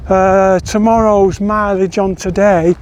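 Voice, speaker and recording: A man's voice: sits high, flat delivery, slow, a little mellow. A man, chatting casually as he walks a long-distance trail outdoors on a windy day. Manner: chatty, rambling, self-correcting. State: out of breath while climbing. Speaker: long-distance walker vlogging. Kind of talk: casual walking vlog. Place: outdoors on windy hills and moors.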